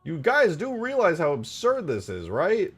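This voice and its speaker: Guy streaming and yelling thanks at chat, swears a ton, voice jumps all over, bit of music under it. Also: sits high, unhurried, husky. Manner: excitable, swears a lot, yells thanks to chat; swings between mumbling asides and loud outbursts. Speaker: livestreamer and game modder. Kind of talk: casual live-stream chat.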